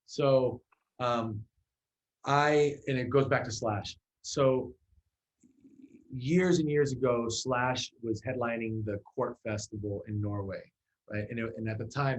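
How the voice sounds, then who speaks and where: A male musician telling a story as an interview guest. His voice sits at a middle pitch, and his delivery is loose and chatty, full of "like"s and restarts. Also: measured pace, low-quality recording. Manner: animated storyteller with many fillers and restarts.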